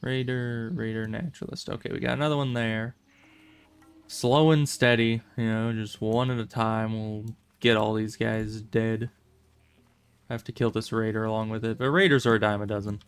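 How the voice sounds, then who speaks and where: A man's voice: lowish voice, steady tone, normal speed, clear, resonant tone. A man streaming a game, chatting casually with rambling, wry asides and frequent self-corrections. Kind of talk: casual gameplay commentary.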